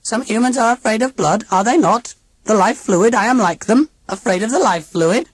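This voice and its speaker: A prim, stiff alien robot posing as an elderly great-aunt, put on by an audiobook reader. The voice sits well above the reader's own, slightly breathy, and swoops in a lively way over every formal, oddly stressed phrase. Dry and close, with no room around it. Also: mid-range voice, moderate pace, no echo, pitched above the performer's own voice. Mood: pleading. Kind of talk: audiobook character voice.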